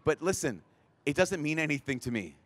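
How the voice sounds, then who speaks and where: A man's voice: fairly high pitch, a little fast, no room sound. A man, a priest giving a talk at a large event, telling stories and acting out the people in them, often restarting his sentences. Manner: animated storytelling, acts out quoted people; stumbling restarts when excited. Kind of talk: conference talk to a live audience.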